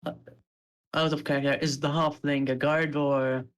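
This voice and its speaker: A man's voice: on the high side, level tone, moderate pace, low-quality recording. A man playing a tabletop role-playing game, hesitant and checking details with the game master. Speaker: player. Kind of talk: casual tabletop play.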